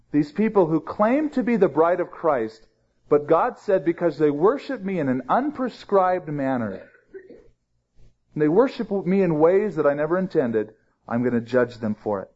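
A man's voice: fairly high pitch, very animated, moderate pace, darkish tone, breathy edge. A man teaching through a Bible passage in a conversational way, stressing key phrases with rising emphasis. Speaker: pastor. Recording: dull lo-fi sermon recording.

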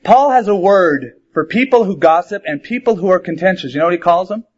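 A man's voice: high voice, lively intonation, a little fast, darkish tone, husky. A man preaching a sermon in a conversational way, asking rhetorical questions and mixing in humor. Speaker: pastor. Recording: dull lo-fi sermon recording.

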